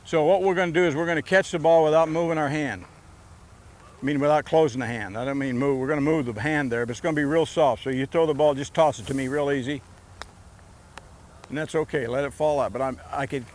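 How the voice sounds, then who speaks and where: A man with a slightly high voice runs youth baseball drills on an open field. He gives quick instructions and steady encouragement. A faint hum of outdoor noise sits under his voice.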